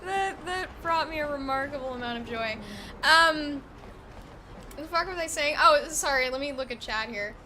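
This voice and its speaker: Woman streamer, bright high voice, swears a lot and laughs, faint hum behind. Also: normal speed. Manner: profane, frank, laughs often. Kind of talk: casual gameplay commentary.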